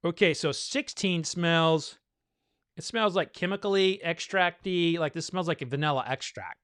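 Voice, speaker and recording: Man, casual rambling host, thinking aloud, a little winded, smooth clear voice, dry close sound. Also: a little high, moderate pace, a bit bright, no room sound. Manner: rambling, loose, thinking aloud with many fillers. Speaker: bourbon reviewer hosting a blind tasting. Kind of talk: casual live tasting chat.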